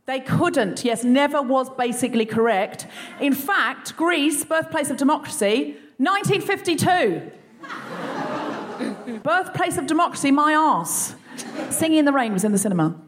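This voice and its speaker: An Australian woman hosts a live pub quiz on stage in a chatty, cheeky way. Her voice sits a little high and she tosses off quick asides between questions. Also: expressive. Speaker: comedy podcast host. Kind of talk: live comedy quiz hosting.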